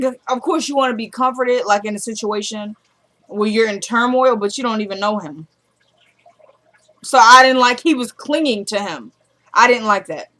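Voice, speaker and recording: A woman at home vlogging a casual recap of a TV drama episode, quoting the characters' lines in a quieter voice and making loose asides to her viewers. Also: on the high side. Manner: retells dialogue, dropping to a quieter voice for quoted characters.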